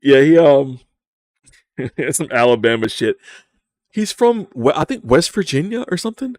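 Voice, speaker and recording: A man's voice: on the high side, expressive, a little slow, darkish tone, no echo. A man from the American South, mocking a video in casual, profane live commentary, laughing often. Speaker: streamer reacting to a video.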